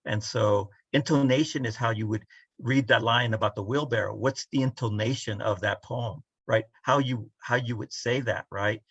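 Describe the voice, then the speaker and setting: A man's voice: mid-range voice, moderate pace, a bit bright, breathy edge, no room sound. A man in casual academic discussion on a video call, lecturing and often asking "right?" to drive points home. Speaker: poet and roundtable panelist. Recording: dull, dry lo-fi video call audio.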